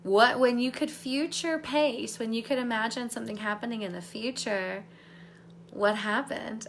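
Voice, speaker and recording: A woman's voice: on the high side, normal speed, a little hiss or hum. A woman life coach talking viewers through a guided visualization and chatting with them live. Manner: bubbly, laughs often with viewers.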